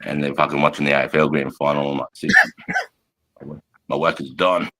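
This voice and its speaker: A man's voice: rumbling low, fairly even intonation, moderate pace, pushed and bright. A man in his forties with an Australian accent, an army veteran telling war stories in a casual, rambling, heavily profane way and laughing often. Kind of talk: casual storytelling chat.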